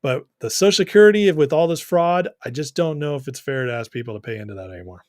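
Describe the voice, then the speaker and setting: A man's voice: mid-range voice, animated, fast, a little mellow, dry recording, studio quality. A young man hosting a political livestream, reading viewer comments and giving his opinions in a casual, conversational way.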